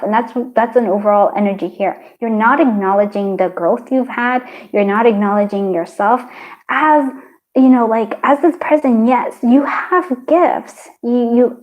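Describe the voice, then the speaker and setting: Woman with a higher voice doing a tarot reading. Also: low-quality recording. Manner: rambling, many fillers and restarts; gentle, encouraging. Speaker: tarot reader. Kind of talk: pick-a-card tarot reading.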